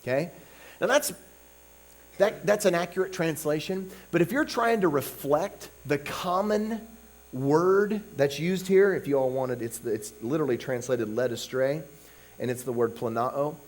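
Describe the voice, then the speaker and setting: A man with a fairly high voice preaches a revival sermon at a slightly slow pace, keeping it conversational. He keeps checking in with "okay?" and "you know," shifting between quiet asides and loud, emphatic bursts.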